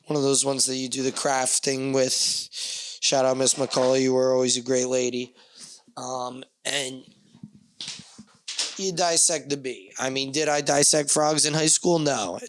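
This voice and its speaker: A man's voice: mid-range voice, fairly bright tone. A man with a New Jersey accent hosting a casual solo podcast from a small, dusty backyard shed, rambling with profane jokes and asides. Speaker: podcast host.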